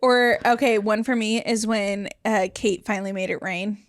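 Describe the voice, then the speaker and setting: A woman co-hosting a podcast in casual chat, animated and laughing often. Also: mid-range voice, moderate pace, no echo. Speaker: podcast co-host.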